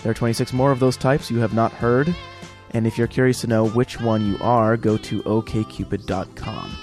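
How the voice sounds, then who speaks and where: A man's voice: medium pitch, fairly even intonation, moderate pace, darkish tone, faint music behind. A man hosting a radio show, reading the closing credits in a wry, irreverent way.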